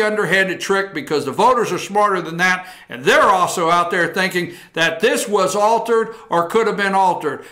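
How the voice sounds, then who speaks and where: A man's voice: high voice, sharp tone. A man playing a defiant male politician who dodges a reporter's questions in an indignant, evasive way.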